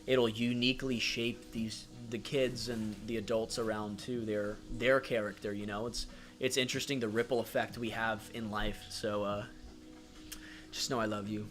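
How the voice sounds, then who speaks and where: A man's voice: fairly low pitch, little pitch movement, moderate pace, fairly bright tone, faint music behind. A man hosting a casual livestream, speaking affectionately and supportively with many fillers, reading viewer comments aloud. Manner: reads chat comments aloud. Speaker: livestream host.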